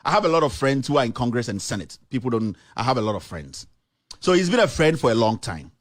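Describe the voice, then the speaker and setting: A man's voice: mid-range voice, big pitch swings, fast talker. A man hosting his own show, giving emphatic, repetitive commentary and mixing English with local phrases. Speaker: journalist and show host.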